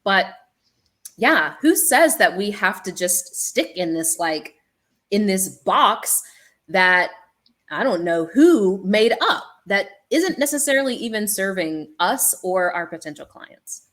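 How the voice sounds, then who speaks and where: A woman speaking as an initiated shaman with a business background on a panel, an animated storyteller with many ums. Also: medium pitch, takes it slowly.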